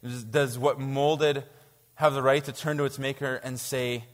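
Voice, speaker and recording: Male preacher, animated sermon, mid-pitched voice, long hall reverb. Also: unhurried. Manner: animated, reads scripture aloud and reacts with incredulity. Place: church.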